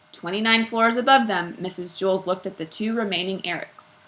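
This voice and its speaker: Expressive storybook reader, woman, bright tone. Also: medium pitch, a little fast, hardly any pauses. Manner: expressive, with character voices. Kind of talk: storybook read-aloud.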